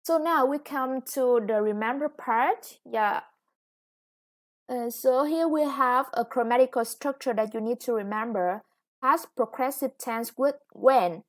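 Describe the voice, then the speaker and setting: A woman with a Vietnamese accent teaching an English lesson, explaining patiently and drawing out new words as she goes. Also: high-pitched. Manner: patient, explains slowly, stretches new words, self-corrects. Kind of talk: recorded classroom lesson for students.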